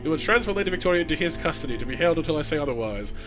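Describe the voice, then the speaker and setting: A man's voice: on the high side, expressive, racing, a bit bright, soft background music. A man reading a firm young noblewoman leader. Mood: stern resolve. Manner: earnest, firm and commanding.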